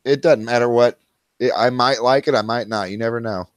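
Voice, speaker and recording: A young man co-hosting a podcast, deadpan and contrarian, swearing freely in crude banter. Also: medium pitch, fairly quick, dry recording, studio quality. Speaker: podcast co-host.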